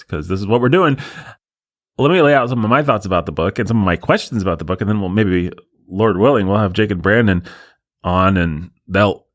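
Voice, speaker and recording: A man's voice: fairly low pitch, no room sound. A man hosting a podcast alone in the studio, riffing in a sarcastic, rambling way. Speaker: podcast host. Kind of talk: solo podcast monologue.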